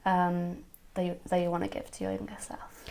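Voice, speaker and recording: A woman's voice: lowish voice, completely flat delivery, a little fast, a little mellow. A woman interviewing a church member, with an encouraging, conversational way of asking questions. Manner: encouraging, brief backchannels. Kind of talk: casual interview.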